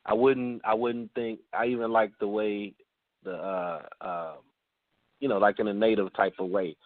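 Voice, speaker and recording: Man with a Chicago accent, rambling and full of fillers, low voice, dry tinny phone audio. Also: steady tone, normal speed, no echo. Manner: rambling, many filler sounds and restarts. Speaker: panelist. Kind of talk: casual radio round-table chat.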